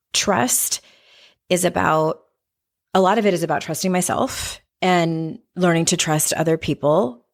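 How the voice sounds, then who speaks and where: A woman in her forties hosting a solo podcast episode, candid and emphatic, now and then swearing for emphasis. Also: fairly low pitch. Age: 40s. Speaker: podcast host, coach.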